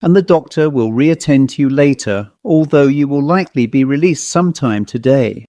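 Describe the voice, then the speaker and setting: Man voicing a calm, reassuring nurse in an audiobook; soft but formal, no room sound. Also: mid-range voice, normal speed, dry recording, natural voice. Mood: gentle. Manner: gentle, then formal and reassuring. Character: kindly young woman hospital nurse, calm.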